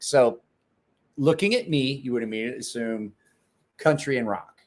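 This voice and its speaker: A man chatting loosely on a livestream at an ordinary mid-range pitch. He rambles, restarts his sentences and swears in passing. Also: sing-song, moderate pace. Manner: rambling, self-interrupting, swears casually. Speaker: livestream host. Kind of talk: casual livestream chat.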